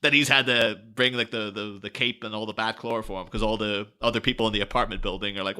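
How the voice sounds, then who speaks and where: A man's voice: medium pitch, animated, brisk, sharp tone. A man co-hosting a podcast, chatting casually, laughing often and acting out quotes as he tells a story. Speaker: podcast co-host. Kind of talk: casual chat.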